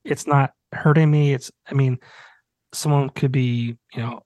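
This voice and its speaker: A man's voice: mid-range voice, fairly even intonation, unhurried, darkish tone, no echo. A man in his thirties, host of a podcast, telling a personal story in casual chat with many restarts. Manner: rambling storytelling, many restarts, acts out quotes.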